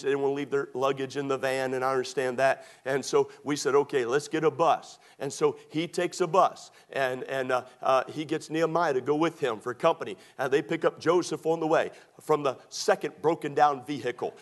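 A man's voice: mid-range voice, fairly even intonation, brisk, hardly any pauses. A man, preaching a sermon in a folksy, humorous way, acting out the dialogue of his stories. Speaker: pastor. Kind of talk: storytelling sermon.

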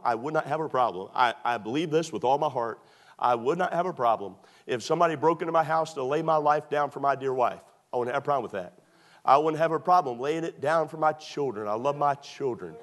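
A middle-aged man preaching a sermon to his church, restarting his sentences and repeating emphatic phrases. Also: a little high. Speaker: pastor. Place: church sanctuary.

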